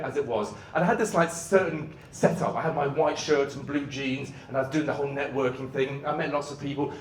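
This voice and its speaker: Keynote: male motivational speaker, fairly high, animated storyteller, roomy hall sound. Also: distant mic, slight background noise. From Great Britain. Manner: animated, dramatic storytelling with bursts of shouting. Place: large event venue. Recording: echoey venue hall.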